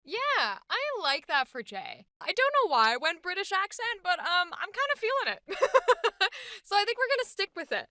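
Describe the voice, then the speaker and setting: A woman voice actor and host chats with enthusiasm while she talks through the voices she builds. Her voice is bright and clear and sits a little high, and it is heard up close and dry. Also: dry recording. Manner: chatty and enthusiastic, thinking aloud. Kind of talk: voice acting demonstration.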